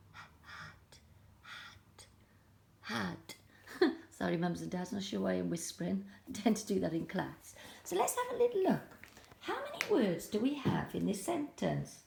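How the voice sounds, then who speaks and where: Slow, sing-song Welsh teacher woman. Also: medium pitch, gravelly, a little mellow. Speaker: primary school teacher. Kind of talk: phonics lesson for young children. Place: home, filming alone.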